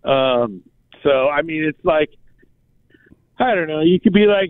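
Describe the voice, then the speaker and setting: Animated, high-voiced man on a phone line. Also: measured pace, pauses often, dry recording. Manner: animated storyteller, acts out quotes, says "like" and "bro" often. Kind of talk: casual chat. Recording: dry, phone-like sound.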